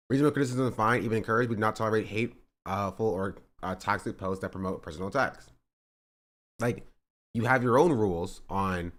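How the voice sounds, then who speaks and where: A man commentating on a live stream in a casual, rambling way, often jumping up in pitch when he gets worked up. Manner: animated, rambling, jumps up in pitch when riled. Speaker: streamer reacting to a podcast clip.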